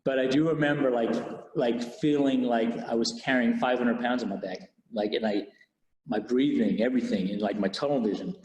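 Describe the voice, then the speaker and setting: A police officer recounting a personal experience in an interview, candid and halting, with many restarts. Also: male voice, mid-range voice, fairly even intonation, darkish tone. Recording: echoey room with long reverb.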